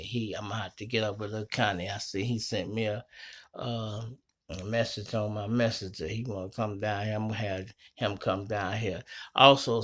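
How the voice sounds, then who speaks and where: A middle-aged man hosting his own show from a small home studio, telling stories in a slangy, profane, animated way. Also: fairly low pitch. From Chicago. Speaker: host. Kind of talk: casual storytelling monologue.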